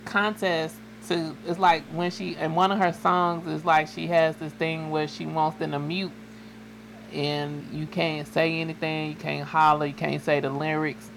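A middle-aged woman co-hosting a casual radio chat, telling stories with lively mock outrage. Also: low-pitched, a little slow, vocal fry, a little hiss or hum, poor audio. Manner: animated storyteller, mock-outraged. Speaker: radio co-host.

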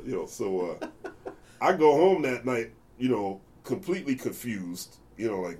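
With a lowish voice at normal speed, this American man, a jazz bassist guest, spins stories in a relaxed interview. He's animated and acts out the voices of the people in his anecdotes.

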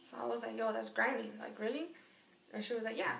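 A woman telling a story in casual chat, animated and profane, acting out the voices of the people in it. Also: on the high side, fast, creaky, echoey room. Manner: animated, profane, acts out quotes.

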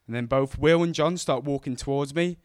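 Lively young man telling a story. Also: mid-range voice, fairly quick, no echo, studio quality. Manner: animated, acts out the voices of people in his story. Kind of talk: live storytelling on stage.

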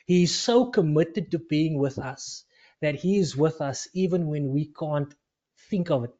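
A man's voice: on the high side, measured pace, warm tone, muffled recording. A man preaching an earnest sermon, retelling scripture as a story and repeating phrases for emphasis. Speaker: pastor.

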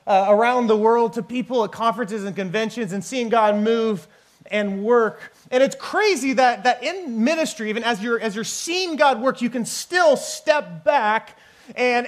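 Man, high voice, guest preacher, conversational and joking, church sermon. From Northern California. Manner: conversational, joking, animated storytelling.

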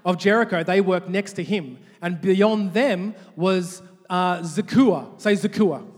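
High-voiced male pastor in a hall. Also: slow. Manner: animated, repeats words when restarting. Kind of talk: sermon with call-and-response. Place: large church hall. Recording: long hall reverb.

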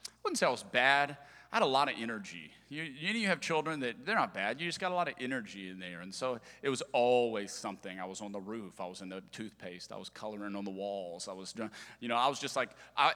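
A man, preaching a sermon and telling humorous family stories with big swings in loudness. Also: medium pitch, expressive, brisk. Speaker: pastor. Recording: large hall with long reverb.

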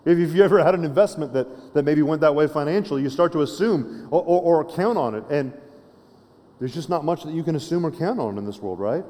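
A man's voice: a little high, mellow. A man preaching a sermon in a casual, conversational way, often restarting phrases and checking in with his listeners. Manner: conversational preaching with frequent restarts and tag questions. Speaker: pastor. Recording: long reverb of a large hall.

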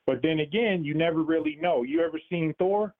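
A man's voice: fairly high pitch, a little fast. A man calling in to a talk show, slangy and profane, speculating offhand. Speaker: caller. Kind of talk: casual call-in chat. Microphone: phone call. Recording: tinny phone line.

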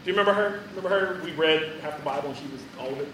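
A man's voice: on the high side, racing, echoey room, recorded from a distance, background noise. A man preaching a sermon in a chatty, joking storytelling way, full of fillers.

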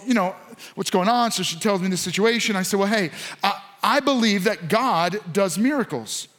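A man's voice: high-pitched, fairly bright tone. A man in his thirties, a pastor giving a sermon in a casual storytelling way, with acted-out quotes.

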